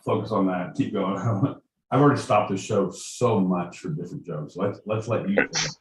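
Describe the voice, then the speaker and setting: A man's voice: sits low, normal speed. A man co-hosting a casual comedic podcast, joking, swearing and interrupting. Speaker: co-host. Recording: roomy, away from mic.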